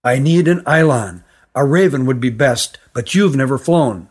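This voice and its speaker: A man's voice: medium pitch, animated, normal speed, slightly rough. A man voicing Jeelan, a frightened urgent youth. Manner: urgent, hushed. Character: frightened, urgent older boy on the run. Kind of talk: storybook reading.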